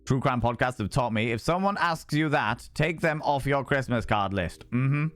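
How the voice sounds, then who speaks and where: A young man streaming a dating game, reading the text aloud and joking in animated, sweary chat. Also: medium pitch, normal speed, soft background music. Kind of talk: casual gameplay commentary.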